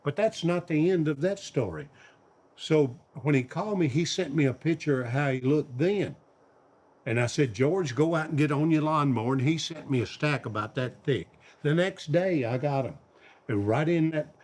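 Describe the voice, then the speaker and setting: An older man, hosting and telling animated stories about his paintings and friends. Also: fairly high pitch, normal speed. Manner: animated storyteller, quotes friends in their voices. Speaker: host, singer and painter. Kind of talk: storytelling conversation.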